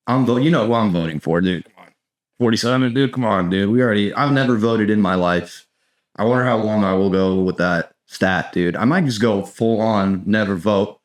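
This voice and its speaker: A young American man hosting a podcast, riffing in a rambling, profane, sarcastic comedic monologue and saying "dude" constantly. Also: lowish voice. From United States. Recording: echoey room.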